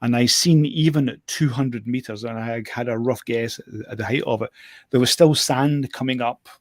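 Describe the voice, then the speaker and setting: A man's voice: mid-range voice, normal speed, a little mellow, dry recording. Man rambling through a story, dry sound. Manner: rambling storyteller, repeats words, laughs often. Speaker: guest drone show operator. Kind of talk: casual chat.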